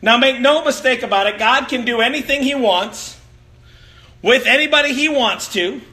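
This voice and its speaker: A man's voice: very high-pitched, normal speed, pushed and bright. A man preaching a sermon, telling playful stories and acting out quotes with big jumps in his voice. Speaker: pastor.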